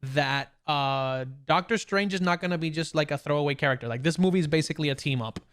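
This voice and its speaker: A young man co-hosting a podcast over a video call, talking in an excited, rambling way with many restarts. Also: fairly high pitch, fast talker, clean tone. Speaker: podcast co-host. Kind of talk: casual chat.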